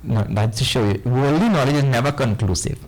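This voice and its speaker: A man with a Trinidadian accent giving a spiritual discourse to a live audience, animated and often quizzing his listeners. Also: mid-range voice, a little fast, rough recording. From Trinidad and Tobago. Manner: animated, questioning listeners, playful asides. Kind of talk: lively lecture on scripture.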